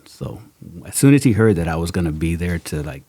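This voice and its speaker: A middle-aged man hosts a podcast, fairly quick and low-pitched. In a casual chat he's an animated storyteller who performs the quotes and often breaks into laughter.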